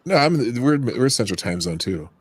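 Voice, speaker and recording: A man's voice: medium pitch, very animated, normal speed, slightly rough, dry recording. A man from Minnesota chatting casually on a stream in an easygoing, teasing way. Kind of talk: casual chat.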